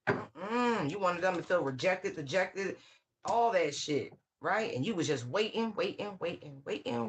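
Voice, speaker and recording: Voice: medium pitch, fairly bright tone, slight background noise. A tarot reader giving a casual channeled reading, full of slang and swearing, who scolds with sassy call-outs and repeated phrases. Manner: slang-heavy, swears freely.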